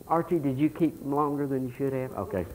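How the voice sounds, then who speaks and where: A pastor preaching a sermon, telling folksy stories and reading scripture aloud with animation. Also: male voice, medium pitch, steady tone, a little fast, darkish tone, poor audio.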